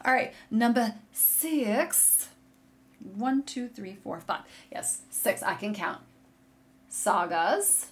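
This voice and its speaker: A woman hosting a knitting video podcast from a room at home, chatting casually and gushing excitedly to viewers as she shows yarn. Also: fairly high pitch, slow pace. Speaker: podcast host. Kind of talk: casual chat showing yarn on camera. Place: home room with a curtain behind her. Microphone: desk setup facing a monitor.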